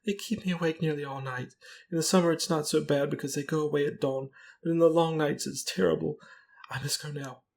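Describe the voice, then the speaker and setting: A man voicing a timid, frightened young female companion who speaks softly and tearfully, hesitating as she goes. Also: medium pitch, fast, few pauses, natural voice.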